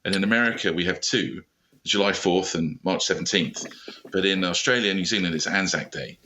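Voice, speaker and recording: A man's voice: low-pitched, brisk, sharp tone, slight background noise. A middle-aged British man, a founder being interviewed on a podcast, talking with dry, self-deprecating humour. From Britain. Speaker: startup founder, guest.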